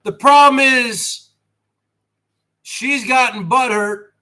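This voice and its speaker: A brash man in his forties, hosting a livestream rant, who swears and swings from a quiet voice to a shout. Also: very high-pitched, takes it slowly. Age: 40s. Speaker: host.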